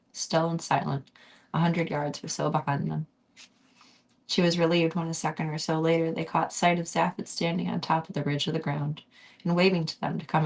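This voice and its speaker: Low-voiced woman reading aloud calmly. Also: creaky. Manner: soft-spoken, drifting into whispers. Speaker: streamer reading a book aloud. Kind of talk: casual chat and book reading on a stream.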